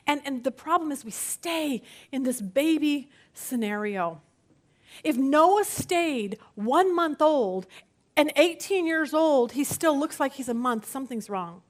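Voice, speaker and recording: High-voiced woman teaching Bible study. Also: a little slow. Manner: earnest and lively, often repeats words, jokes with the group.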